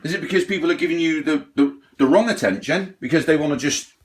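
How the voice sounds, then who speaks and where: A man's voice: a little high, fast talker. A middle-aged man, ranting bluntly and swearing, mocking others in put-on voices. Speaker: ranting vlogger. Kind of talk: profane rant.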